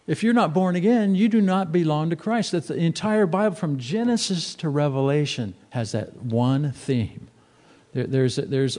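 A man's voice: on the high side, mellow. A man preaching a sermon in a conversational, emphatic way. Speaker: pastor.

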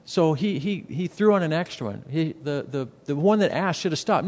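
A man's voice: fairly high pitch, lively intonation, normal speed, hardly any pauses, a little mellow, big-room sound. A man preaching a sermon as a pastor, earnest and emphatic, asking rhetorical questions and repeating words for stress.

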